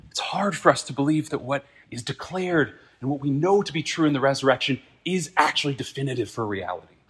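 A man preaching a sermon as pastor, earnest and reflective, swinging from emphatic peaks to quiet asides. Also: medium pitch, animated, brisk, husky. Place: church.

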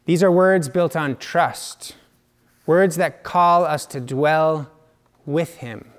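A man preaching a sermon in a slow, reflective way, dropping now and then to hushed asides. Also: fairly high pitch.

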